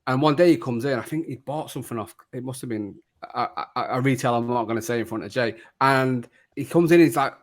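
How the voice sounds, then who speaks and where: A man hosting a casual kit-ranking chat, jokey and quick to laugh. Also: medium pitch. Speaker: podcast host.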